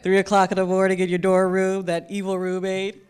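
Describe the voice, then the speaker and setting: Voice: medium pitch, completely flat delivery, brisk, a little mellow. Upbeat open-mic host. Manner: upbeat, enthusiastic. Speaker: event host. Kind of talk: emcee introductions. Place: college event stage.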